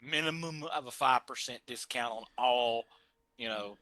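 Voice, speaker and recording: A man's voice: medium pitch, moderate pace, sharp tone. A man playing a tabletop game, laying out his character's plans in a rambling way with many fillers. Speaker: player.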